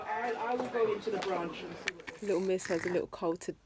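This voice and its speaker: A woman's voice: lowish voice, fast talker, long pauses. A woman filming at home, coaxing small children to talk to the camera in a playful way. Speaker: mother filming her children. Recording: home recording with steady background noise.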